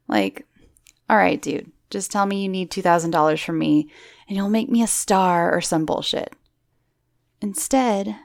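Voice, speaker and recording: A woman's voice: lowish voice, creaky, darkish tone, no echo, studio quality. A woman host reading listeners' true horror stories aloud, with wry, swearing asides. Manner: wry, swearing asides between story lines. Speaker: horror story narrator.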